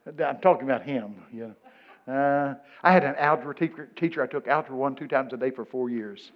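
A man from Texas with a Texan accent, telling a humorous story to a live audience. He swings from mumbled asides to loud exclamations. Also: mid-range voice, fairly quick, dull audio. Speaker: speaker addressing an audience.

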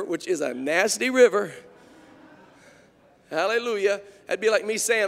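Preacher: man, very high voice, fervent storytelling sermon in a reverberant church. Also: expressive, a little slow, vocal fry, long pauses. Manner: storytelling, exclaims hallelujah, builds to shouting. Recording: long hall reverb.

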